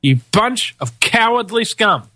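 Male New Zealander, political commentator, bright and tense voice, dry close sound, angry sarcastic monologue. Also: sits high, sing-song, measured pace, no echo. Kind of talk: ranting monologue.

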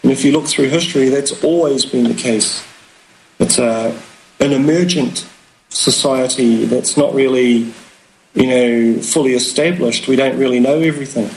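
A man's voice: medium pitch, moderate pace, a little mellow, slight background noise, poor audio. A man, a guest talking in a rambling, philosophical way with many fillers. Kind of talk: casual conversation.

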